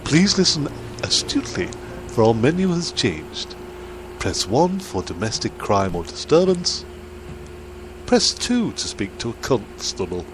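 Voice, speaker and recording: A man's voice: medium pitch, wildly swooping pitch, measured pace. A man putting on a stiff, formal male voice for a recorded phone menu, with overly proper announcer phrasing. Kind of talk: prank phone bit. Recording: noisy phone-line playback.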